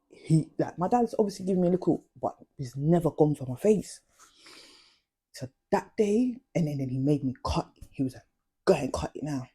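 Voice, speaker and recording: A woman's voice: a bass voice, warm tone, breathy edge. A young adult woman, chatting casually and confidingly about her past in slang-heavy storytelling. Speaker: vlogger.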